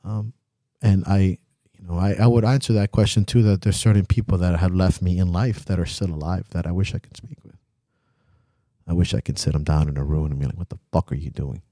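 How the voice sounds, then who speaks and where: A man's voice: low voice, brisk, warm tone, no room sound, studio quality. A young man co-hosting a podcast, talking bluntly and emotionally, swearing freely. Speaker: podcast co-host. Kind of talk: candid podcast chat.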